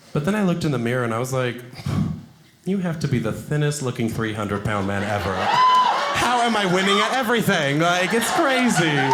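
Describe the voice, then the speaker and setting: A young man doing a stand-up comedy set, self-deprecating and animated, jumping into high put-on voices for quotes. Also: background noise. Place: comedy club stage before a laughing audience. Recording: roomy club sound, audience laughter.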